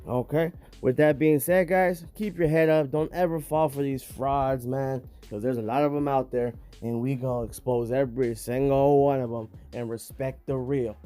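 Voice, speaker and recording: A man's voice: medium pitch, steady tone, moderate pace, few pauses, warm tone, faint music behind. A man hosting a casual vlog, talking straight to his viewers in emphatic, slangy street talk. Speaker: host.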